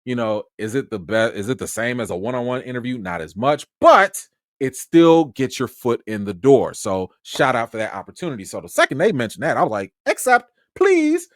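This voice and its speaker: Excited chicago guy on a livestream, voice jumping all over the place, dry close sound. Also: medium pitch, a little fast, no room sound. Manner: animated, excitable, slangy. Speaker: film critic and channel host. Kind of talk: livestream storytelling.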